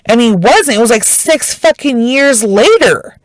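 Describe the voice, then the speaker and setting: A woman's voice: high voice, animated, normal speed, dry recording, low-quality recording. A woman telling a true crime story in a casual, emotional way, swearing freely and speaking with heavy emphasis.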